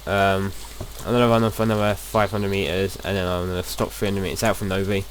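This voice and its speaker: Low-voiced young man chatting over gameplay. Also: little pitch movement, brisk, a little hiss or hum. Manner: rambling, chatty, with frequent restarts. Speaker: gaming video host. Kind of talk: casual gameplay commentary.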